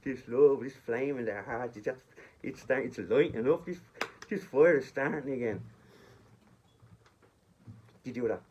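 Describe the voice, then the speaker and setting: A man's voice: mid-range voice, a little slow, pauses often, a little mellow, highs cut off, slight background noise. A man telling a story in a chatty, rambling way, speaking directly to his listeners on a phone recording. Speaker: vlogger. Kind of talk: casual storytelling.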